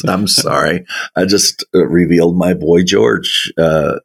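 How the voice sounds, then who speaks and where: A man leading a verse-by-verse Bible study, speaking in a slow, folksy way with chuckling asides. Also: deep voice, steady tone, creaky, husky. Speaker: Bible teacher.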